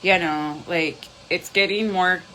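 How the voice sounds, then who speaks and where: A woman's voice: lowish voice, steady tone, slow, pushed and bright, slight background noise, rough recording. A woman doing a live tarot reading, blunt and profane, switching between English and Spanish. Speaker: tarot reader.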